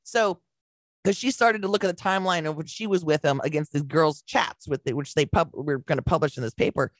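A woman co-hosting a podcast, retelling a story with lively acted-out quotes and casual swearing. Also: low voice, fairly quick, no echo. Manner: animated storyteller acting out quotes, swears freely. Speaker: podcast co-host. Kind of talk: casual chat.

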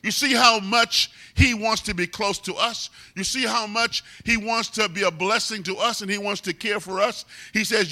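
Male preacher, high-pitched and piercing, emphatic sermon delivery. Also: sharp tone. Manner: emphatic, drawn-out repetition of key words.

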